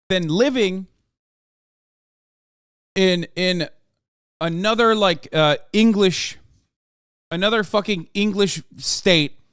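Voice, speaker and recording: A man's voice: high-pitched, fairly bright tone, smooth, no echo, clean studio sound. A man streaming a sarcastic, profane rant while reacting to news articles. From United States. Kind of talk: ranting commentary.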